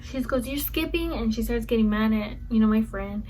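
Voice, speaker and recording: A woman's voice: a little high, fairly quick, warm tone, poor audio. A young woman vlogger telling a rambling school story in casual storytime style, repeating herself as she goes. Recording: faint background noise.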